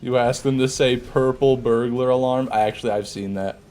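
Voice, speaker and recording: A man's voice: mid-range voice, fairly even intonation, moderate pace, darkish tone, soft background music. An American man in live gameplay commentary, chatting with viewers in a joking, swearing way and often laughing. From United States. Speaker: gaming streamer.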